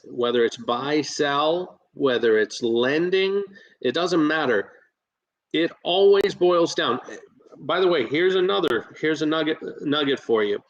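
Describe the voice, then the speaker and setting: A man who invests in real estate, talking as a podcast guest and coaching listeners in a lively way, with plenty of fillers and restarts. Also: medium pitch, poor audio. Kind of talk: casual podcast storytelling.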